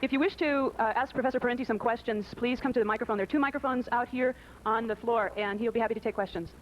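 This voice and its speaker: A woman's voice: fairly high pitch, fast talker, muffled recording, a little hiss or hum. A woman moderating an event, inviting the audience up to ask questions in a formal, inviting way. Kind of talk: announcement.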